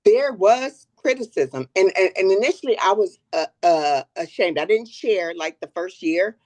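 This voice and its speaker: A woman's voice: medium pitch, moderate pace, darkish tone, dry recording. An older woman talking openly as a guest in a personal conversation, earnest and reflective, often repeating words as she gathers her thoughts.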